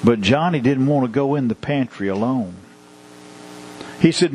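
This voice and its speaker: A man's voice: medium pitch, animated, darkish tone, slight background noise, rough recording. A man preaching a sermon with rhythmic repetition and illustrative stories. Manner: measured, rhythmic repetition; storytelling.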